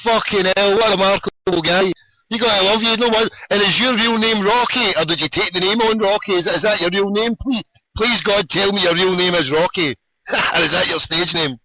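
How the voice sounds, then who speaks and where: A man's voice: high voice, a little fast, bright, forceful tone, no echo, low-quality recording. A Glaswegian man hosting a casual podcast from his car, swearing and enthusing at his guest. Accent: Scottish, Glasgow. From Scotland. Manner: profane, laughing, enthusiastic. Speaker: podcast host.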